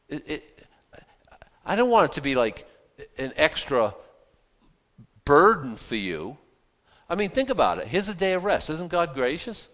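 A man preaching in a casual Bible-teaching style. He is animated and joking, throwing out rhetorical questions and wry asides. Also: fairly high pitch, normal speed, pauses often.

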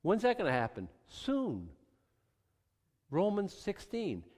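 A man preaching a sermon, wry and animated, acting out voices for God and the kings as he reads scripture. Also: sits high, slow, big-room sound. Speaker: pastor.

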